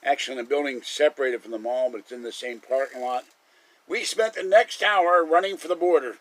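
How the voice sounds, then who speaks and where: A man's voice: mid-range voice, a little fast, fairly bright tone, rough recording. A man hosting a live stream, rambling through casual stories and chuckling often. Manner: chatty storyteller, chuckles often.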